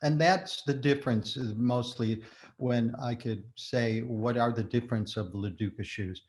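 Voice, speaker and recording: Older man, animated storyteller, laughs often, interview guest, mid-pitched voice. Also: a little slow. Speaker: guest, shoemaker and former performer. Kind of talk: casual interview chat.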